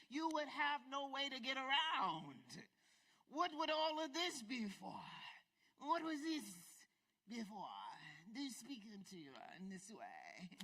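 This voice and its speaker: A woman preaching a sermon in church, playful and rhythmic, repeating phrases and dropping to quiet emphasis. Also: high-pitched. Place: church sanctuary.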